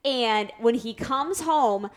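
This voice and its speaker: A middle-aged woman co-hosting a podcast, telling stories about her family in a bubbly, expressive way. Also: fairly high pitch, slow. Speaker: podcast co-host. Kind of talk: casual family chat.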